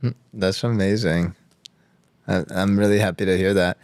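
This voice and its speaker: A man's voice: sits low, steady tone, moderate pace, a little mellow, no room sound, studio quality. A man hosting a podcast, asking casual, encouraging questions. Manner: casual, encouraging, swears freely. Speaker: podcast host. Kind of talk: interview questions.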